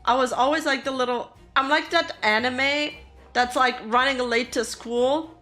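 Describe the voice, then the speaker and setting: A woman's voice: high-pitched, fairly even intonation, measured pace, pushed and bright, soft background music. A woman from Canada, chatting casually and animatedly on her reaction stream and laughing easily.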